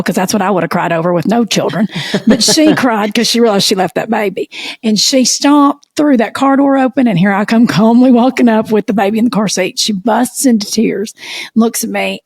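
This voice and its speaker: A woman's voice: fairly high pitch, vocal fry, slightly rough, dry recording. Folksy Southern woman, dry close sound. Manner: animated, folksy storyteller. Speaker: podcast co-host. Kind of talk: casual storytelling chat.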